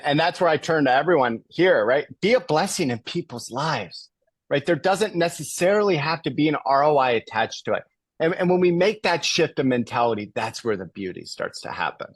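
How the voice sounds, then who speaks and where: A man as an interview guest, telling a story in an animated, emphatic way over a video call. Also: on the high side, a little fast, husky, dry recording. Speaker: guest speaker.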